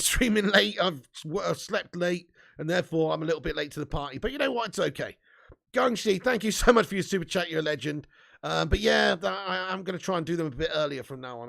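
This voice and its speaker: A man's voice: a little high, creaky, fairly bright tone. A man hosting a live football fan stream, chatting casually with viewers, reading their comments, laughing often and swearing freely. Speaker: football fan channel host.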